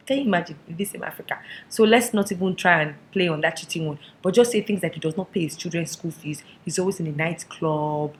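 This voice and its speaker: A young woman giving comic advice in a vlog, animated and conspiratorial. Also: on the low side, fast talker, slight background noise. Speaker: vlogger.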